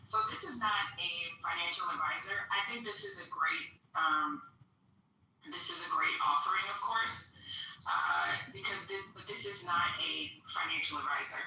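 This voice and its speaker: A woman calmly explaining private wealth services and reading the terms aloud in a casual conversation. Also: fairly low pitch, faint music behind. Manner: explanatory, reads text slowly and deliberately. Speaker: guest explaining finance. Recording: echoey room, distant mic, faint noise.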